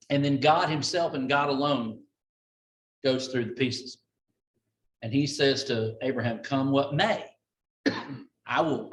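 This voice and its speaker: A man leading a Bible study, folksy and conversational, acting out scripture with lively quoted voices. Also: mid-range voice. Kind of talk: informal Bible study teaching. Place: church room with a group. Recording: echoey room, mic at a distance.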